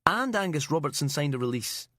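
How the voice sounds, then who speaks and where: A man's voice: on the high side, sing-song, a little fast, pushed and bright, no room sound, studio quality, pitched above the performer's own voice, heavily acted. A man voicing a cheerful television cameraman who talks in an upbeat, breezy way. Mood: gleeful.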